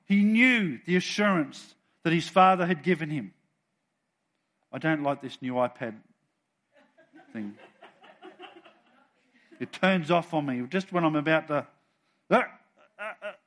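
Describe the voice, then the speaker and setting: A man preaching to his church, moving between soft chatty asides and loud, bold readings of scripture. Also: a little high, expressive, unhurried, pauses often. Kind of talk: sermon.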